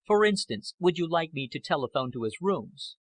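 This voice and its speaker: A man voicing a cold, scheming man who answers curtly and evasively, in a husky voice. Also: on the high side, sing-song, no room sound, voice pushed up. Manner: measured, curt replies.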